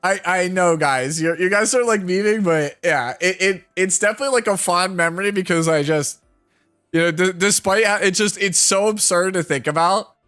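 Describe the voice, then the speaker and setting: A man in his thirties streams and talks casually to his chat, his bright voice wandering from one aside to the next and full of filler words. Faint music plays underneath, and he laughs often. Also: high voice, moderate pace, smooth.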